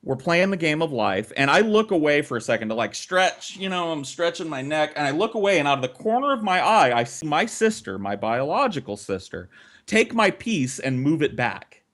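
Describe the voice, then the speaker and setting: A man's voice: fairly high pitch, moderate pace. A man co-hosting a podcast, telling a long story in a casual, profane way with lots of swearing. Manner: profane, animated, swears often.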